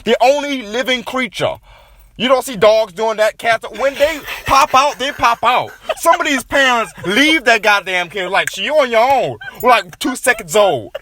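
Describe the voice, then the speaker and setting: A man's voice: very high voice, moderate pace. A man in his twenties co-hosting a casual chat, rambling and getting worked up as he riffs on ideas. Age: 20s. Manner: rambling, excitable, riffs into rants.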